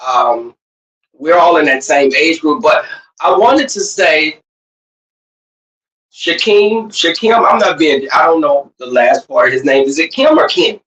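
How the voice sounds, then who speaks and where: A livestream host in casual chat with the viewers, loud, profane and teasing, who shouts now and then and drawls some words while rushing others. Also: mid-range voice, expressive. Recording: roomy, distant, dull lo-fi sound.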